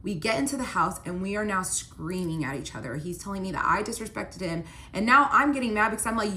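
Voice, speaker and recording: A woman's voice: medium pitch, fairly quick, few pauses, bright, forceful tone. A young woman casually telling a personal story, chatty and full of "like" fillers. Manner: chatty, many "like" fillers, upset retelling.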